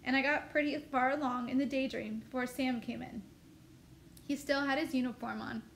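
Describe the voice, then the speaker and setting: A woman teacher reads a novel aloud with steady first-person storytelling. Her voice sits high, and a faint ambient noise runs underneath. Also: normal speed, vocal fry.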